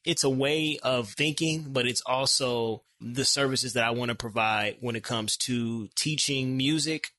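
A young American man chatting as a podcast guest, energetic and animated, laughing often and repeating words as his ideas tumble out. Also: mid-range voice, a little slow, hardly any pauses, no room sound. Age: young adult. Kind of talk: casual conversational interview.

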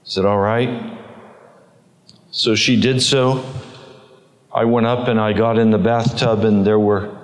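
A man slowly telling a personal faith story in an earnest way, his voice rising as the emotion builds. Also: fairly low pitch, fairly even intonation. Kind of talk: personal testimony. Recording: long hall reverb.

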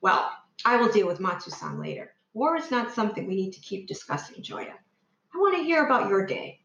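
A woman reading the part of a solemn, gentle father who runs a newspaper, in a quiet, measured, reassuring way. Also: mid-range voice, very animated, vocal fry, reverberant, lo-fi sound.

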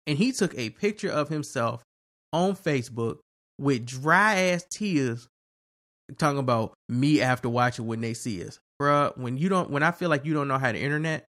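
A man co-hosting a podcast, ranting in a loose, profane, animated way during casual chat. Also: mid-range voice, moderate pace. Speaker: podcast co-host.

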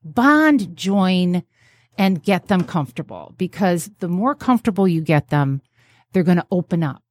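Blunt, animated New woman. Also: on the low side, a little slow, no echo. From New York State. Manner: animated, blunt, swears freely, acts out quotes. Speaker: therapist guest. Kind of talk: casual podcast chat, storytelling.

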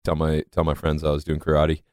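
A man's voice: extremely low pitch, monotone, fairly quick, darkish tone. A young man from north of Boston with a faded Boston accent, a podcast guest telling stories in casual chat and laughing often. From just north of Boston. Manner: laughs often, rambling storytelling.

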